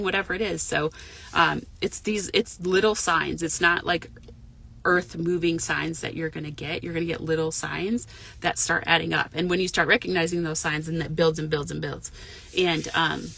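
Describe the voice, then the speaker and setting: A woman's low-pitched, creaky voice carries a sharp tone as she chats live with viewers from her parked car. She's a spiritual medium and mentor, and she rambles casually, swearing freely and leaning on fillers.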